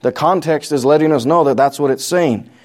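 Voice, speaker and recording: An adult pastor with a New Mexican accent talks fairly quickly in a fairly high, darkish voice. Teaching a Bible study sermon, he reads scripture aloud, explains it plainly, and puts questions to the congregation.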